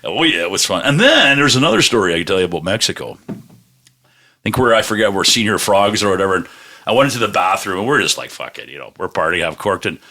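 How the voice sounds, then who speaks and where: A man's voice: fairly low pitch, very animated, fast talker, bright, forceful tone. A man co-hosting a podcast, telling rambling stories with lots of swearing and laughter. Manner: rambling storyteller, swears, laughs a lot, acts out quotes. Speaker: podcast co-host. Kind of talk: casual chat.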